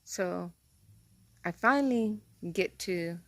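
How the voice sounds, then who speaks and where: A woman vlogs from her car, chatting straight to her viewers. She rambles excitably and keeps saying "freaking." Her voice is bright with a gravelly rasp, recorded close and dry. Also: lowish voice, slow, no room sound. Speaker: vlogger. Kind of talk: casual chatty storytelling to camera. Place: inside a car.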